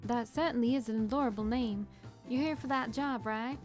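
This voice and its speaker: A woman's voice: on the high side, moderate pace, a little mellow, soft background music, close to an everyday voice. A woman reading aloud as a charming, slyly welcoming woman who owns a speakeasy in a visual novel. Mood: coaxing.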